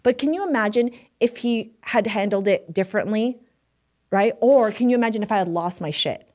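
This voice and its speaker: A woman talking fast and animatedly, piling one clause onto the next as she recounts a story. She swears freely in a casual podcast conversation, her pitch sitting in an ordinary middle range. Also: a little mellow. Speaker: podcast guest, manifestation coach.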